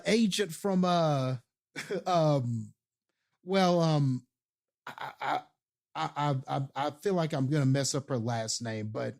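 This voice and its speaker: A man co-hosting a casual movie review podcast, enthusiastic and rambling, with many fillers and restarts. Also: fairly high pitch. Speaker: podcast co-host.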